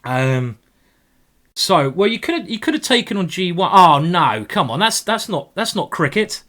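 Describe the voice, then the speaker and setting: Chess streamer: man, fairly high voice, excitable and playful, jokes with his opponent while he plays fast games. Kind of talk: live commentary while playing blitz chess.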